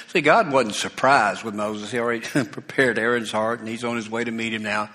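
A man's voice: mid-range voice, steady tone, brisk, hardly any pauses, bright, forceful tone. A man preaching a sermon in a conversational way, with asides to the congregation and repeated exhortations. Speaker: pastor.

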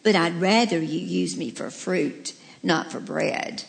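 A woman's voice: on the low side, lively intonation, slow pace, gravelly, exaggerated voice. A woman voicing a picky carved wooden bowl in a sermon poem. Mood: fussy. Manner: fussy.

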